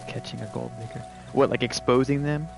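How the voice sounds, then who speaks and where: A man with a gravelly, creaky voice at a middling pitch, chatting loosely as he plays a game live. He rambles along with plenty of "like" and "you know". Game music plays steadily behind him. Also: steady tone, fairly quick. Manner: laid-back and rambling, full of "like" and "you know". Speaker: gaming streamer. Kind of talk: casual live gameplay commentary.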